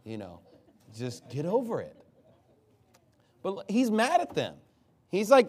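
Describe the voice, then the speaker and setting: A man preaching an expository sermon, animated and mocking, reading scripture aloud and breaking into impressions. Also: sits high, measured pace, pauses often.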